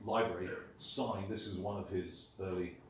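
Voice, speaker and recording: A man giving a public lecture on the history of science, a lively storyteller who drops wry asides. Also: deep voice, moderate pace, a little hiss or hum. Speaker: guest lecturer. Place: lecture hall. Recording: echoey hall from far off, faint ambience.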